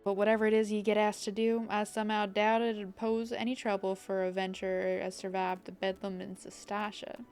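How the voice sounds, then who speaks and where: Gruff pirate guild master, put on by a woman streamer: rough drawl, southern lean, game dialogue read aloud. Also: medium pitch, little pitch movement, moderate pace, hardly any pauses, darkish tone, soft background music, lightly acted.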